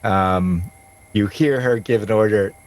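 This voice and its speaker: A man narrating a tabletop game as game master, slow and descriptive with frequent laughs. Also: fairly low pitch, poor audio.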